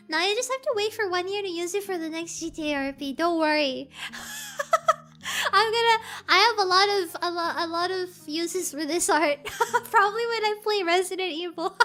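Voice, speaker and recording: A woman streamer chatting casually on a livestream, gushing and squealing with excitement. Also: extremely high pitch, normal speed, soft background music.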